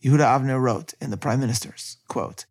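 A man with a gravelly, slightly husky voice reads a history lecture at a measured pace. He marks quotations from his sources as he reads them out. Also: mid-range voice.

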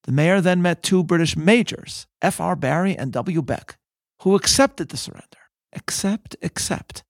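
A man narrating a scripted history podcast in a measured storytelling manner. His voice is somewhat high for a man and has a gravelly, husky grain. The recording is close and dry. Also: dry recording. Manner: measured, storytelling, reads quotes aloud. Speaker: podcast host.

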